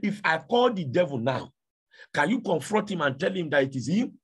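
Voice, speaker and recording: A preacher voicing a stern male angel in a sermon story, questioning with a raspy voice. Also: fairly high pitch, very animated, moderate pace, exaggerated voice.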